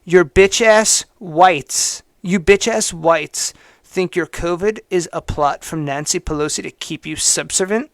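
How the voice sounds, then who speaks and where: A man putting on a lower voice to mock a hateful young male online ranter, reading his post slowly and with heavy, sneering emphasis. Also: no echo, clean studio sound.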